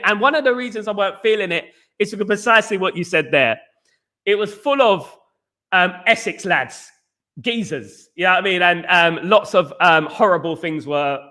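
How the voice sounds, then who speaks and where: In a bright, forceful, slightly high voice, this middle-aged East Londoner with a Cockney accent hosts a casual live football chat as a podcast host. He wanders off topic, says things twice, and reads out what viewers post.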